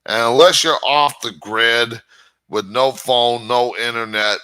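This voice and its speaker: A man's voice: medium pitch, fairly even intonation, slow pace, bright, forceful tone, clean tone. A man hosting his own channel, giving a rambling casual monologue and often stammering over restarts. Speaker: channel host.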